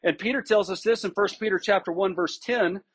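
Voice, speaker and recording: A male pastor delivers an expository sermon in a high-pitched, somewhat husky voice. He talks conversationally, stresses key words, and often doubles back on a phrase before finishing it. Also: a little fast. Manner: conversational and emphatic, with frequent restarts and checks with listeners.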